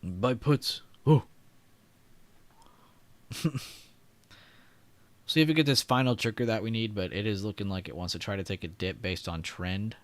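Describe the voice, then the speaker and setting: A man's voice: fairly low pitch, fast talker, hardly any pauses, a bit bright, dry recording. Chatty man hosting a trading stream. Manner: chatty, reads chat aloud, laughs often. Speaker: livestream trading host. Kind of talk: casual livestream commentary.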